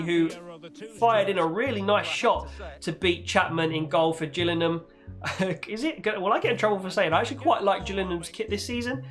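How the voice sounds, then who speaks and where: Young guy doing game commentary, chatty, yells on goals, bit of music behind. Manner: excitable, shouts and leaps in pitch on goals; chatty, talks to viewers as "guys" and "boys". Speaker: gaming YouTuber. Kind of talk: live commentary over a football video game.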